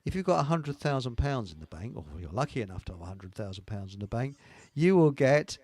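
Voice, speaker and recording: A man's voice: medium pitch, sing-song, a little fast, darkish tone, no echo. An older man hosts a live online talk show, rambling casually in a salty, chuckling way. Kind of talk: casual live-stream chat and joke telling.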